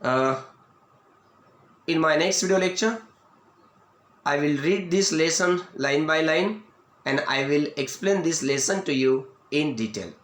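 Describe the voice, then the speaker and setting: A man with an Indian English accent teaches a lesson in a video lecture, speaking slowly and deliberately and repeating each point. His voice sits fairly high. The recording rings with the echo of a roomy space. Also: a bit bright. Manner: slow, repetitive explaining, restating each point. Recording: echoey room.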